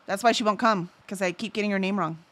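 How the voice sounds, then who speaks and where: A woman's voice: mid-range voice, fairly even intonation, quick pace, fairly bright tone, a little hiss or hum. A woman hosting a casual livestream, chatting and reading out viewer messages, easily sidetracked and full of fillers. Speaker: livestream host.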